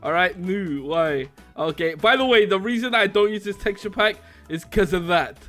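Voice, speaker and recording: A man's voice: high voice, normal speed, a bit bright, faint music behind. A man giving casual gameplay commentary as a YouTuber, giggling often as he talks. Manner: giggly, laughs through his lines. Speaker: YouTuber playing a game.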